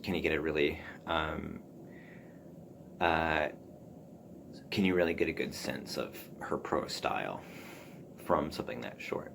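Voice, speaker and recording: A man hosting a solo podcast, musing aloud about writing in a halting way, full of ums and restarts. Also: a bass voice, creaky, noisy background. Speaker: podcast host. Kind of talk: casual solo talk on writing.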